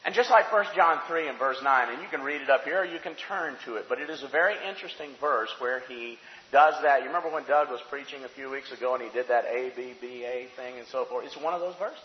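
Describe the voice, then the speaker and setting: A man preaching a sermon, rising to shouted emphasis and dropping to quiet, slow confession. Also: mid-range voice, a little hiss or hum. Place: church sanctuary. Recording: echoey hall, dull sound.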